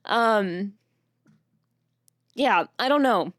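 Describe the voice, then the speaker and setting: A young woman streaming, chatting casually with her viewers in a soft, rambling way, tearful and full of self-doubt. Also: mid-range voice, animated, very slow, no room sound, clean studio sound.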